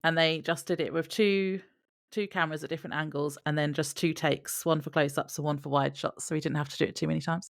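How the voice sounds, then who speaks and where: Woman co-host, deep voice, laughs a lot, trivia reader. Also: steady tone, quick pace, vocal fry, dry recording, studio quality. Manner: laughs often, reads facts from notes. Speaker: podcast co-host. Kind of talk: casual chat sharing trivia.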